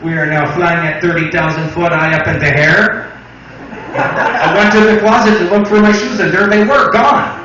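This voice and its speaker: A man's voice: sits high, steady tone, moderate pace, bright, forceful tone, recorded from a distance, dull audio, a little hiss or hum. A man voicing a rambling French Canadian airline captain with a French Canadian accent, in an echoey room.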